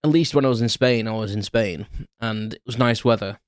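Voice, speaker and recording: Speaking a little fast in a smooth, lowish voice, this thirties-aged British podcast host rambles through an off-the-cuff story, restarting often and leaning on fillers. It's recorded clean on a close mic, with no room sound at all.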